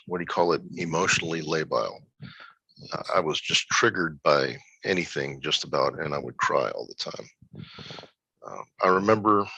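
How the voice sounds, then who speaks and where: A middle-aged man telling a personal story of grief and recovery in a reflective, halting way. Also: low-pitched, pushed and bright, breathy edge, no room sound, low-quality recording. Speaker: guest sharing a personal story.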